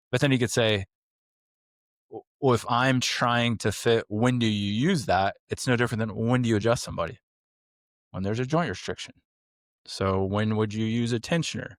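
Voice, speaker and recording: A man's voice: fairly low pitch, dry recording. A man talks bluntly through a casual clinical discussion on a podcast. He keeps asking rhetorical questions and answering them himself. The sound is dry and close to the mic. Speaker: podcast host, clinic owner.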